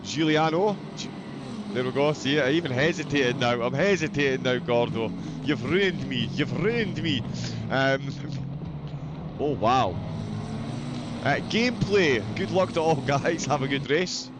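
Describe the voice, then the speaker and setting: A Scottish man with a medium-pitched voice gives live commentary on a sim race at a measured pace. He's chatty and jokey, reading out viewer messages over heavy background noise.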